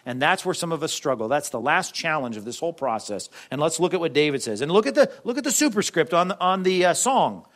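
A man preaching a sermon in a conversational way, with frequent asides to the congregation and sudden shifts from loud to soft. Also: a little high, very animated, fast talker, hardly any pauses. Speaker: pastor.

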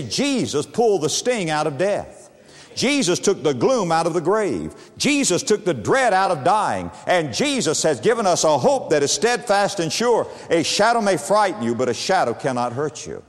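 Dramatic preacher man in a big hall. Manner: dramatic, swooping pitch and volume, repeated phrases. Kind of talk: sermon.

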